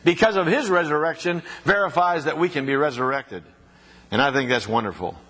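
Husky man preaching in a reverberant hall. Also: a little high, brisk, a bit bright. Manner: folksy storytelling, rising to emphatic preaching. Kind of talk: sermon.

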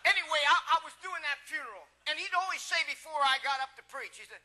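A man preaching a sermon in an animated storytelling way, acting out the people in his stories. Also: extremely high pitch, fast, few pauses. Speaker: pastor.

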